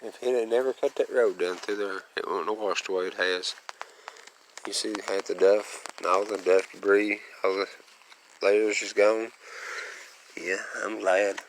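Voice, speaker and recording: A fairly low-voiced man rambles on in a chatty, folksy way, breaking into little chuckles. He is talking outdoors and from his truck, and faint ambient noise sits under his voice. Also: fairly even intonation, a little slow, low-quality recording. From Western North Carolina. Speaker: vlogger. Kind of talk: casual rambling monologue.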